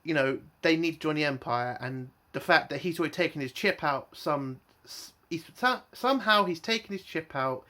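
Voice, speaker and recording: A man's voice: fairly high pitch, animated, moderate pace, few pauses, sharp tone. A man giving an exasperated, swearing review rant full of emphatic rhetorical questions.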